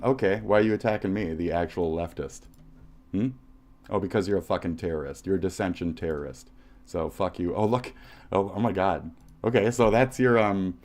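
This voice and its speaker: A man from the United States with a low voice hosts a livestream. He delivers an aggressive, profane rant and taunts his target with insults he keeps repeating. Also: a little mellow.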